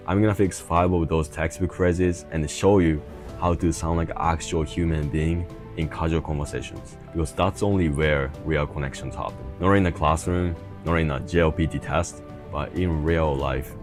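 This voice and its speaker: A man's voice: rumbling low, steady tone, moderate pace, over music. A man teaches an online lesson in English. He is casual and blunt, and slips slang and swearing into his explanations. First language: Japanese. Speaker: Japanese language teacher.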